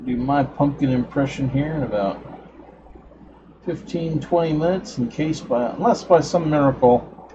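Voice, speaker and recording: A middle-aged man hosting a crafting livestream, chatting in a relaxed, rambling way with his viewers. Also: fairly high pitch, moderate pace. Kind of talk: casual chat while crafting. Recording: dull livestream audio with background noise.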